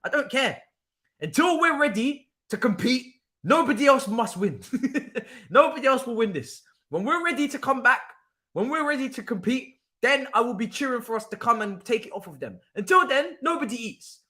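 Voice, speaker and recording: A man's voice: very high-pitched, lively intonation, moderate pace, sharp tone. A young man hosting a football watchalong stream, ranting emphatically and repeating himself with laughs. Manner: emphatic, repetitive, laughing ranter. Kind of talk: casual ranting livestream chat.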